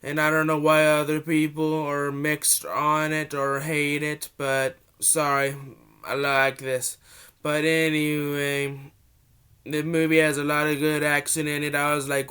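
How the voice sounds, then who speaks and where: Rambling, excited young man with a cold. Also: fairly high pitch, unhurried, clean tone. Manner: rambling, restarts, excited gushing. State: has a cold. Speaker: movie review vlogger. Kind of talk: casual rambling review.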